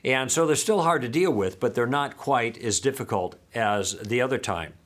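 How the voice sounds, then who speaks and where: A man's voice: mid-range voice, moderate pace, a bit bright. A man teaching a lesson in a friendly, patient way, sometimes acting out sample lines.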